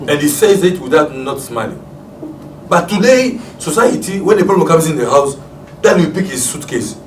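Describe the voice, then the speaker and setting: Congolese pastor preaching in an echoey room. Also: male voice, on the high side, normal speed. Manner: storytelling, acts out family scenes with loud excited shouts and laughter. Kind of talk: sermon. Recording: echoey room, distant mic, faint background hiss.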